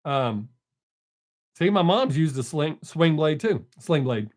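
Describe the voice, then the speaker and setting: A man's voice: fairly high pitch, animated, slow. An older man hosting a live stream, in casual folksy chat, joking and greeting viewers from the chat by name.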